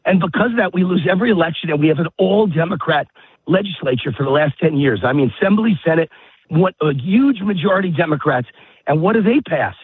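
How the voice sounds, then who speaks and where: Out of breath on a dog walk, a man phones in to a political talk radio show and rants hard, saying the same things over and over. His voice is a little high and breathy, animated and fast, with no room sound, though the phone line makes it tinny.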